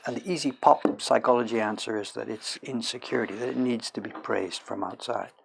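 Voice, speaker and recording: A man's voice: mid-range voice, fairly even intonation, a little fast, gravelly, background noise. A middle-aged man from Canada chatting casually on a livestream as a woodblock printmaker, rambling and self-correcting as he tells stories. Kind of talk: casual chat while working.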